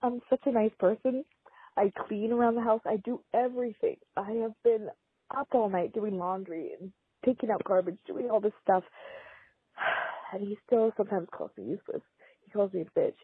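A woman's voice: medium pitch, fairly even intonation, moderate pace, slightly rough, no room sound. A woman caller leaving a rambling, emotional, apologetic voicemail about her relationship. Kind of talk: voicemail confession. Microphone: phone. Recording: tinny phone line voicemail.

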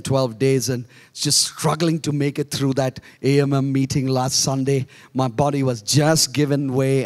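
A man preaching a sermon as pastor, moving between soft low asides and raised emphatic lines. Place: church hall. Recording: echoey church hall.

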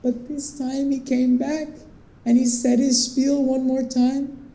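A man performing a theatrical storytelling monologue, animated and swinging between hushed and excited tones. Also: extremely high pitch, slow. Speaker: performance artist. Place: performance space with live visitors. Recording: roomy echo.

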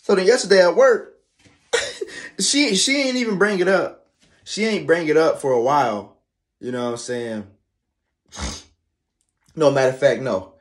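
A man telling a casual spoken anecdote, halting, full of restarts and slangy fillers. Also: on the high side. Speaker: storyteller.

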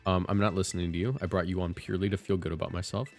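A man's voice: low voice, fairly even intonation, racing, vocal fry, soft background music. A man casually commentating his own competitive game, joking and self-mocking with bursts of laughter. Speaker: streamer playing competitive battles. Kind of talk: casual commentary over gameplay.

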